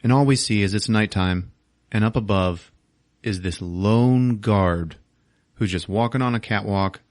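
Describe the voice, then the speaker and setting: A man's voice: fairly low pitch, measured pace, darkish tone, no echo, studio quality. A male podcast host casually recapping a movie, swearing, laughing and acting out the scenes. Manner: crude, laughing, acts out scenes.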